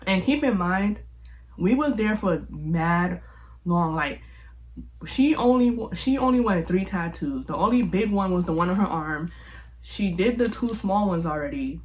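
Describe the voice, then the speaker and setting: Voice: medium pitch, animated, unhurried, muffled recording. A young adult vlogger telling a story casually to camera in a chatty, slangy way, filling the talk with "like". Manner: chatty, heavy use of "like", slangy.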